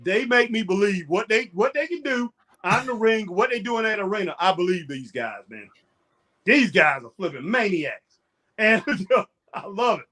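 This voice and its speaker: A man's voice: high-pitched, very animated, normal speed, bright, forceful tone. A man co-hosting a casual chat about a live wrestling show. He laughs often and keeps saying "boy" and "man". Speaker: co-host.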